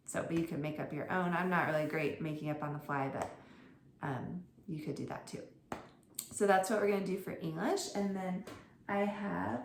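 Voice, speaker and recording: This woman's voice is lowish and brisk, with a little hiss or hum on the recording. She's a homeschool tutor casually talking other teachers through her lesson plans, chatty and informal with fillers and self-corrections, in a roomy space with faint ambience.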